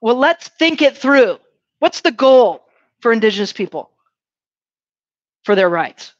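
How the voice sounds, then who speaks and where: High-voiced woman lecturing a class. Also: unhurried, long pauses, dry recording. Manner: keeps asking "right?" to check in with students; lively, poses questions to the class. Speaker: university lecturer. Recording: dull, dry classroom recording.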